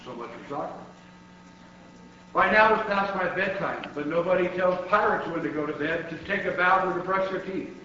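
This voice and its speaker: A man reads a children's picture book aloud in an animated way. His voice is high and bright. It is caught from a distance in a very echoey room, sounding dull. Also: moderate pace, slight background noise. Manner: animated storytelling with shouted pirate lines. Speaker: guest reader.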